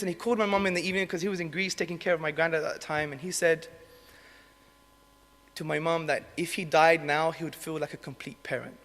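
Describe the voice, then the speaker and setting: A man giving an impassioned religious talk to an audience in a lecture hall, moving between urgent emphasis and soft, emotional tones. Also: fairly high pitch, fairly even intonation, brisk. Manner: passionate, emotional, drops to soft intimate tones. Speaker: Islamic speaker. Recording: long hall reverb.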